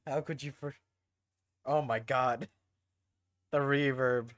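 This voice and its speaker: A man's voice: mid-range voice, steady tone, slow, dry recording, studio quality. A man hosting a casual live stream, chatting in a rambling, self-deprecating way. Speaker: streamer hosting a group playthrough.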